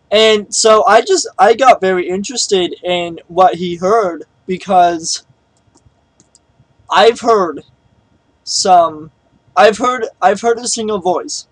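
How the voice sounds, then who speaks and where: Guy with a pretty high voice, slow rambly vlog storytelling, dry close sound. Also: no echo, rough recording. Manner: rambling, with many fillers and restarts. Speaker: vlogger.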